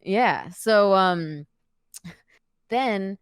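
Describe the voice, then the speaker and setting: A woman in her thirties, a podcast guest, telling a story in a lively, casual way, laughing often and using many fillers. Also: medium pitch, drawn-out words, clean tone, no room sound, studio quality. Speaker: podcast guest, wrestler and actor.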